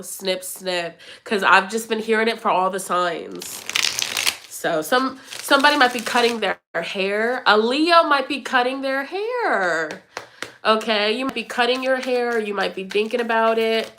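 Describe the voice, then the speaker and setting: A young woman gives viewers a casual tarot reading in a voice that sits on the high side, sharp-toned and congested. She's chatty, slangy and playful, laughing often.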